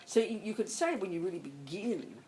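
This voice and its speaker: A woman's voice: mid-range voice, lively intonation, brisk, mellow, slight background noise, rough recording. A woman, a Buddhist nun, giving an emphatic, blunt dharma talk to a group. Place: meditation centre hall.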